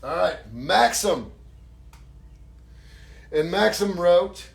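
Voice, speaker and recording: Jokey man with a fairly high voice. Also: lively intonation, a little slow, pauses often. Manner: jokey, self-mocking, warm thanks. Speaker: actor signing autographs on a live stream. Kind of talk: casual live-stream chat.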